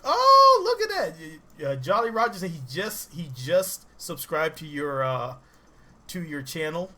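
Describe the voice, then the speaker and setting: A man giving casual, rambling game commentary, excitable and laughing often as he plays. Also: a little high, moderate pace. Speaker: gaming channel host. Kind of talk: casual let's-play commentary.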